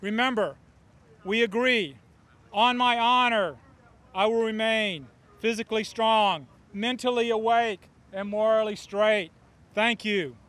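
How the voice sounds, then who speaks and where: A middle-aged man with a high-pitched voice gives an earnest, emphatic prepared speech. He stresses key words as he addresses a press conference outdoors. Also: fairly even intonation, a little slow, a bit bright. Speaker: scout volunteer.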